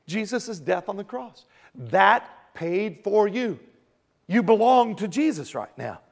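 Guy preaching a sermon, pretty high voice with lots of gravel, asks the crowd questions then answers them. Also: sing-song, takes it slowly. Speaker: pastor.

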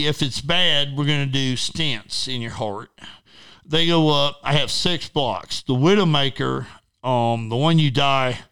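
Blunt, profane middle-aged man with a crisp, bright voice. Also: mid-range voice. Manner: blunt and profane, rambling with fillers. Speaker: interview guest. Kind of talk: casual storytelling.

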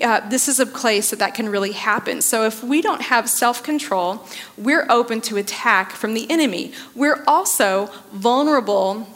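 A woman in her thirties preaches at a slightly raised pitch, drawing her listeners in with questions and laughing now and then at her own jokes. Her voice rings out with a long reverb, as in a large hall. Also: a bit bright. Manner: engaging, asks the audience to respond. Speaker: speaker at a church service. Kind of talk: sermon on faith and finances.

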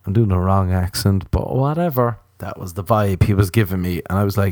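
Hoarse-sounding Irish man telling comic stories. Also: low voice, steady tone, fairly quick, few pauses, mellow, no echo, clean studio sound. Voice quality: sounds sick, slightly hoarse. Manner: rambling, swearing, acts out dialogue. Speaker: comedian. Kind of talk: comic storytelling.

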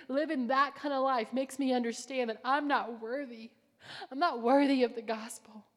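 A woman preaching a sermon with fervor, swinging between loud declarations and hushed whispers. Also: on the high side. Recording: long hall reverb.

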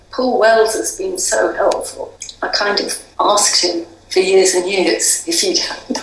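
A woman's voice: mid-range voice, fairly bright tone, reverberant, recorded from a distance, a little hiss or hum, poor audio. An older English woman in an interview, talking in a chatty, wry way with many ums and restarts. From England. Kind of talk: conversational interview.

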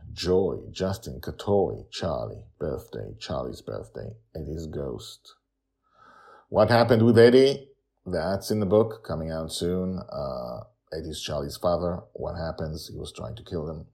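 A man hosting and narrating his own fantasy story podcast in an animated, expressive storytelling style. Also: a bass voice.

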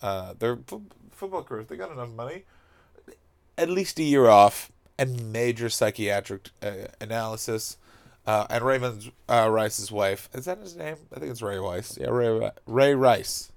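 A young man hosting a podcast, rambling and swearing as he rants, his voice rough and gravelly. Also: mid-range voice, normal speed. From North America. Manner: profane, rambling, heats up into shouting rants. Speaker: podcast host. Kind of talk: casual comedic rant.

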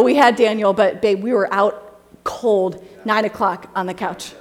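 A woman in her thirties giving a casual, humorous talk with slides, chatty and quick to laugh as she tells stories and acts out quotes. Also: medium pitch, steady tone. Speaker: speaker presenting slides to a group.

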